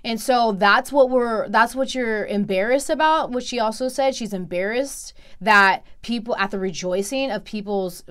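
A woman's voice: fairly high pitch, normal speed, few pauses, a bit bright, smooth. A woman giving emphatic, preachy commentary in a reaction video, repeating herself for stress.

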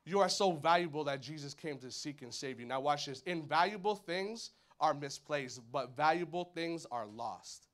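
A man's voice: fairly high pitch, moderate pace, few pauses. A man in his thirties preaching in a church, talking casually with slang and acting out the voices of people in his stories. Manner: animated, acts out voices, colloquial slang. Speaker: pastor. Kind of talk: sermon. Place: church hall.

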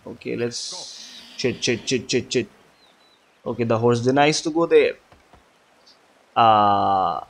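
This man's voice sits in the middle range, slow and gravelly, with many pauses. As a gaming video creator, he chats and mutters through casual gameplay commentary, swears a lot, and plays around with a put-on accent.

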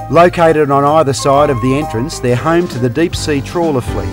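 Upbeat documentary presenter man. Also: mid-range voice. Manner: upbeat, promotional tour-guide delivery. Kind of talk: scripted documentary narration and on-location interviewing.

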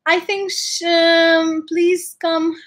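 Chatty high-voiced woman. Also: little pitch movement, drawn-out words, a bit bright. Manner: chatty and upbeat, with frequent ums and uhs. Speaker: bagpiper hosting a livestream. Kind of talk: casual livestream chat, reading viewer comments. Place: her room at home.

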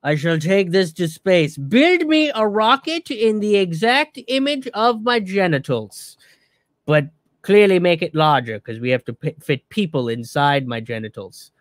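A man's voice: sits high, very animated, a little slow, no echo. A man putting on a drawling, grandly affected voice for a bored, pompous ultra-rich man.

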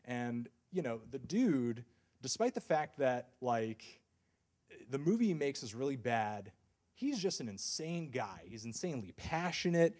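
A young man gives a casual university talk about his work as a music reviewer. He rambles and jokes at his own expense, with plenty of fillers and restarts. His voice sits at an ordinary, mid-range pitch for a man. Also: sing-song, unhurried, darkish tone. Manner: rambling and self-deprecating, with many fillers and restarts. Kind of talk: casual lecture.

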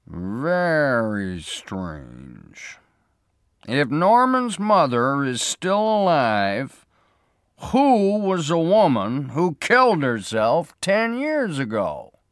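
A man doing a slow, measured small-town sheriff. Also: on the high side, huge pitch swings, smooth, no room sound, studio quality, pitched above the performer's own voice, full character voice. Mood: explaining. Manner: measured, questioning. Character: small-town male sheriff, patient and steady.

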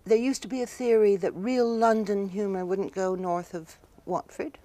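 Woman, interviewer, mellow warm tone, brisk probing questions. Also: medium pitch, fairly even intonation, dry recording. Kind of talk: broadcast interview. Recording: TV studio interview from 1983.

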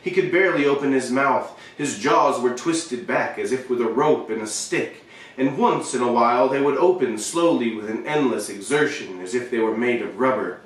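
A man reading a short story aloud, expressive, with shifting emphasis and the occasional slip. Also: mid-range voice, normal speed, recorded from a distance. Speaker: reader. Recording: very echoey room, voice away from the mic.

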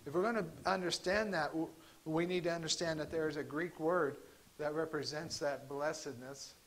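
Male pastor, a touch higher-pitched, easygoing sermon full of "uh" and restarts. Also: steady tone, fairly bright tone, rough recording. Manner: conversational, halting with fillers and restarts. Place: church sanctuary.

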